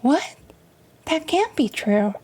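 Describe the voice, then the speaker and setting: A woman voicing a grieving young woman in a game, high and strained, close to tears. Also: sing-song, slow, a little mellow, slight background noise, heavily acted. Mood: upset, disbelieving.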